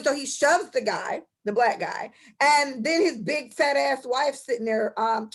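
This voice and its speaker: A woman's voice: high-pitched, lively intonation, moderate pace, few pauses. A young woman co-hosting a casual podcast, telling stories in an impassioned, profane way. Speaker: podcast co-host.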